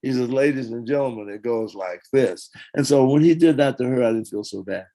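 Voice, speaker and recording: An older man in a casual interview, telling stories with lively acted-out quotes and hummed parts. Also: medium pitch, brisk, poor audio. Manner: animated storyteller, acts out quotes and hums parts. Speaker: interview guest, former band singer.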